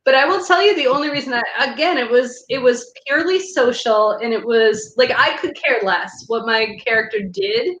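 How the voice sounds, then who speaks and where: A woman's voice: on the high side, moderate pace, hardly any pauses, a bit bright, slight background noise. A woman co-hosting a casual chat show, talking loosely with many restarts and laughs. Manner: chatty, laughing, lots of fillers and restarts. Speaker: podcast co-host. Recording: echoey room.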